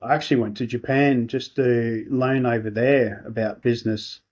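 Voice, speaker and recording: A softly spoken Australian man, a guest in a casual podcast chat, his voice at an ordinary middle pitch. He talks hesitantly, pausing and restarting often. The recording sounds a little dull. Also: fairly even intonation.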